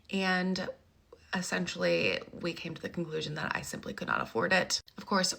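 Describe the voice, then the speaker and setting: A woman's voice: lowish voice, creaky, sharp tone. A woman telling a personal story in a casual, matter-of-fact and slightly smug way.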